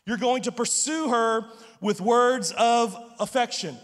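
A man's voice: extremely high pitch, measured pace, in a large hall. A man preaching a sermon as pastor, stammering through restarts and joking asides.

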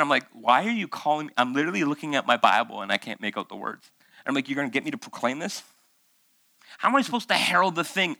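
A man's voice: mid-range voice, sharp tone, dry recording. A male pastor preaching a conversational sermon, firing off rhetorical questions and acting out the voices he quotes, after months of illness. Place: church.

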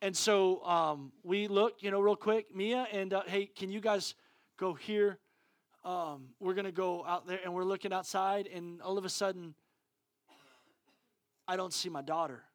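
Animated high-voiced male pastor. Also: a little slow, no echo, studio quality. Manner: animated storytelling, acting out dialogue loudly; casual, slangy preaching with fillers. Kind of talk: sermon.

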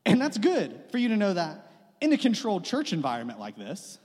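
A man's voice: high-pitched, wildly swooping pitch, fairly quick, a little mellow. A young man preaching a conversational sermon, with self-deprecating humor and repeated phrases. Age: young adult. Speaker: pastor. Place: church sanctuary. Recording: long reverb of a church hall.

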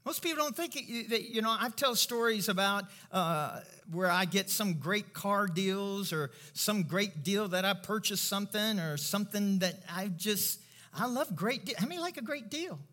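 A male pastor preaching a sermon in a church, emphatic and call-and-response, swinging from low murmurs to loud declarations. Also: lively intonation, moderate pace.

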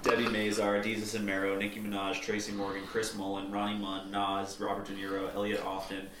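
A man hosting a casual chat, reading through a list in a steady run. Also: on the low side, fairly quick. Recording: echoey room with background noise.

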